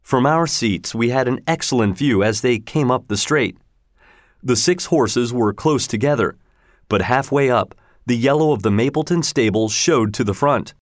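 A man's voice: mid-range voice, normal speed, no room sound, studio quality. Man narrating a storybook. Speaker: audiobook narrator.

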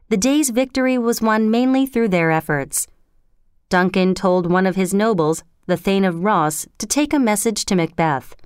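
A woman reads a story aloud in a measured, clear storytelling manner. Her voice is smooth and resonant, at a mid pitch. The recording is dry and close. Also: no room sound. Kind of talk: storybook narration.

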